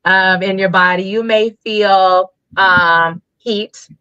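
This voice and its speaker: A woman's voice: medium pitch, takes it slowly, clean tone, highs cut off. A woman guest who works as a Reiki healer, talking casually in an interview and acting out the voices of people in her stories. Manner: animated storyteller, acts out quoted voices.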